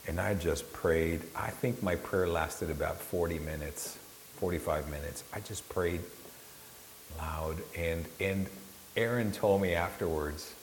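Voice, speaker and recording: A man preaching a sermon with impassioned swings in pitch and loudness, often repeating words as he restarts a phrase. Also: unhurried. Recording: echoey hall with faint hiss.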